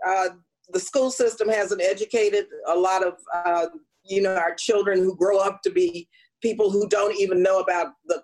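A woman's voice: mid-range voice, low-quality recording. A woman politician speaks as an interview guest in a mid-range voice. She recounts her experiences earnestly and leans on key points with emphasis. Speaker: congresswoman, guest. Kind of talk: conversational interview.

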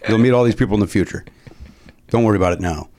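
A man's voice: fairly low pitch, racing. A man co-hosting a podcast in casual, joking banter, going off on playful asides. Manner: joking, animated, trails off into asides. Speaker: podcast co-host.

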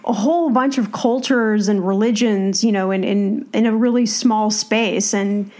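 A woman's voice: mid-range voice, steady tone, measured pace, warm tone. A woman from the United States co-hosting a casual travel podcast, chatty and full of "you know" and "like". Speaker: podcast co-host.

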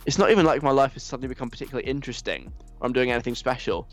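A man's voice: mid-range voice, racing, soft background music. A young man hosting a radio show, reading listener messages aloud and answering them in a teasing, mock-stern way. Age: young adult.

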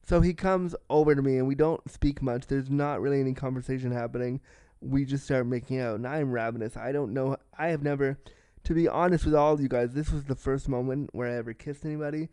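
A man's voice: medium pitch, fairly even intonation, a little fast, mellow, clean tone, no room sound. Man, podcast host, candid storytelling, self-deprecating, profane, resonant voice, dry close sound. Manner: acts out the people in his story.

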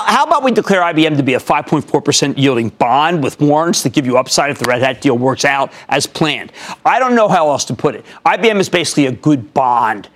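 A middle-aged man giving stock market commentary on television in an emphatic, theatrical way, jumping between loud outbursts and quiet asides. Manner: emphatic, theatrical, big swings of pitch and loudness.

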